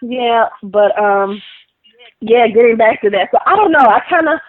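A woman co-hosting a casual TV recap, talking in an animated, gushing fan manner. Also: on the high side, moderate pace, no echo. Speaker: podcast co-host. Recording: tinny phone-line sound.

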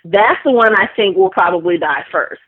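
A woman co-hosting a casual TV recap, talking in an animated, gushing fan manner. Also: medium pitch, moderate pace, husky, no echo. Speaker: podcast co-host. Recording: tinny phone-line sound.

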